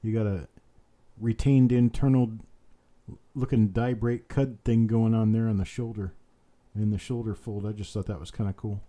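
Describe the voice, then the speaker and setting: Mellow-voiced man calling a live auction. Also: on the low side, fairly even intonation, moderate pace. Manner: repetitive bid-calling chant mixed with folksy banter. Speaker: auctioneer host. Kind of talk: live online auction calling with chatty asides. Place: home.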